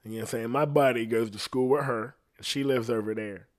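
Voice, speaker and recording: Profane man telling a story. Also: fairly quick. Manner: profane, animated, drops to low tones for tension. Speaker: guest. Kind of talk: casual storytelling.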